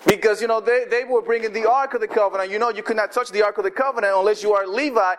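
A man preaching a sermon, telling the story lively and acting out what the people in it say. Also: high voice, rapid-fire. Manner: animated storytelling, acting out quoted voices.

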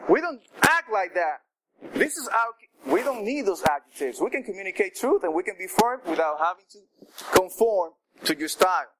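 A man preaching a sermon in a conversational, animated way, with asides to the congregation. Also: sits high, normal speed, rough recording.

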